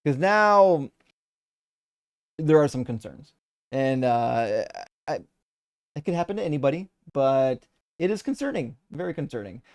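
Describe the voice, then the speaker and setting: A man's voice: medium pitch, very animated, measured pace, pauses often. A man hosting a live debate stream, chatting casually and reading out viewer comments, rambling with lots of restarts and casual swearing.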